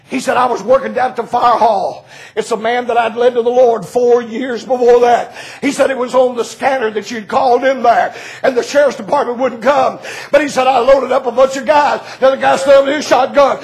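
A man preaching a sermon, telling stories with lots of laughter and swinging from shouted climaxes to hushed retellings. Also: extremely high pitch, fairly even intonation, fairly quick, gravelly. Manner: laughs through lines.

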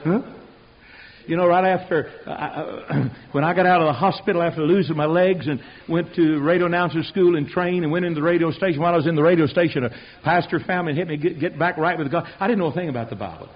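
An older man preaching a sermon, telling folksy stories that swing from quiet asides to loud outbursts. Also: a little high, fast talker, husky. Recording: dull lo-fi radio recording.

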